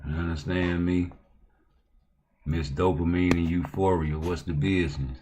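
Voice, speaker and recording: Deep-voiced man ranting on a livestream. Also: steady tone, measured pace, slight background noise. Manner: loose, profane slang-heavy banter; heated, rising to loud outbursts. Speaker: livestream host. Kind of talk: casual livestream talk.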